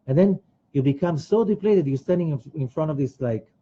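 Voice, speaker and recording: A man teaching a Kabbalah study class in an animated way, acting out quoted voices. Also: brisk, lo-fi sound, slight background noise. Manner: animated, rising to emphatic high bursts; acts out quoted voices of other people. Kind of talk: religious study lecture.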